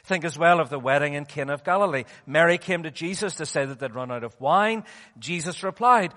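Animated high-voiced male preacher. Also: a little fast, big-room sound. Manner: animated, dramatic, swings from loud to hushed. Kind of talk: sermon.

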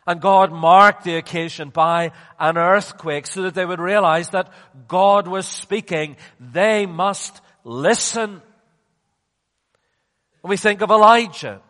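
A male preacher delivering a sermon, slow and emphatic, sinking to hushed tones and then rising again. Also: high-pitched. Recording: long reverb of a large hall.

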